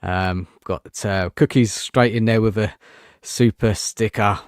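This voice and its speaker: A man's voice: fairly low pitch, fairly even intonation, unhurried, clear, resonant tone, dry recording, clean studio sound. A man hosting a casual football fan live show, chatty and greeting viewers, saying "mate" often. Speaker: host.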